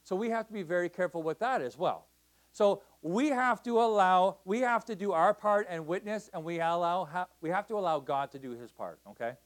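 A man's voice: high voice, brisk. A man preaching in a church as a missionary pastor, talking to the congregation in a conversational way with many restarts and "right?" checks. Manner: conversational, repeats words, asks the crowd "right?". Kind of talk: sermon.

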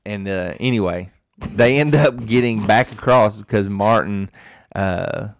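A man's voice: fairly low pitch, measured pace. A man co-hosting a podcast, telling a long, rambling story full of restarts and fillers in a casual chat. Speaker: podcast co-host.

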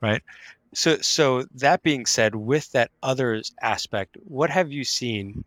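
A man of middle pitch hosts a podcast in an upbeat, affirming way and tells stories casually. His voice is recorded close and dry with no room sound. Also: takes it slowly, a bit bright, no echo. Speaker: podcast host. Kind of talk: casual conversational interview.

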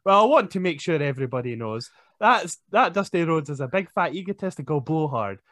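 Lively high-voiced joking man. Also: a little fast, no echo, studio quality. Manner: jokey, laughs often. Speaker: podcast host. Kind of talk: casual chat.

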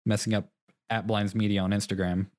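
A man's voice: on the low side, flat delivery, a little fast, darkish tone, no room sound, clean studio sound. A young man co-hosting a podcast in casual chat, rambling through a story, laughing at himself often. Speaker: podcast co-host.

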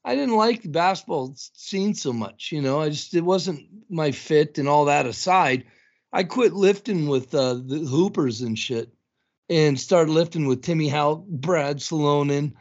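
A man's voice: a little high, unhurried. A man from Montana, a guest on a podcast, talking in brash, casual chat and swearing freely. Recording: dull lo-fi podcast audio.

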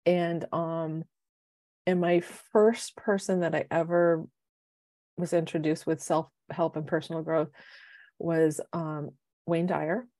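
Woman in her fifties, lowish voice, podcast co-host, lively storyteller, dry close mic. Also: slow, no room sound. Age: 50s. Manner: animated storyteller, acts out quoted voices. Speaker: podcast co-host, life coach. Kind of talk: casual chat. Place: home, city.

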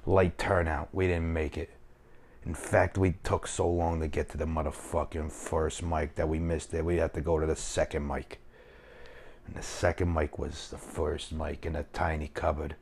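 A man's voice: extremely low pitch, flat delivery, normal speed, a little mellow, slight background noise. A man putting on a boastful New York tough guy. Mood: swaggering. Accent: put-on New York. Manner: profane, boastful, rambling. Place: home kitchen.

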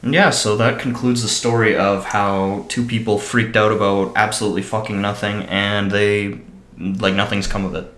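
A man's voice: fairly low pitch, level tone, moderate pace, fairly bright tone. Indignant, profane man in roomy room. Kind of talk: casual storytelling chat. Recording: roomy echo.

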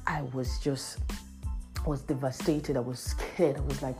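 A young woman telling a personal story in casual chat, animated, with lots of "like" and "man". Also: a little slow, over music. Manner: animated, raises pitch sharply for quoted voices, heavy "like" and "man".

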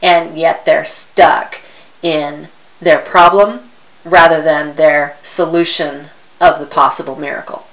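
A woman's voice: low voice, steady tone, slow, rough recording. A middle-aged woman co-hosting a casual, upbeat talk show; chatty, laughing easily. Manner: chatty, laughs easily, acts out her own complaints. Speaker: co-host. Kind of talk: casual chat.

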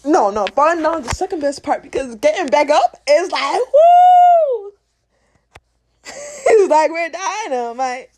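A high-pitched woman delivers a motivational rant on her own podcast. She is blunt and profane, and she laughs as she talks. Her voice swings widely up and down. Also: lively intonation, moderate pace, few pauses, darkish tone, slight background noise. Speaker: podcast host.

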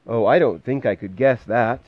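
A man voicing a big, gentle father hare in a bedtime storybook reading, calm, tender and unhurried. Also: mid-range voice, narrow, tinny audio, natural voice.

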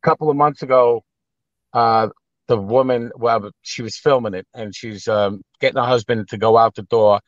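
This New York-accented actor and private chef, appearing as a guest, spins casual stories full of swearing and blunt, lively delivery. He speaks at normal speed in a mid-range voice, and the dry recording has its highs cut off.

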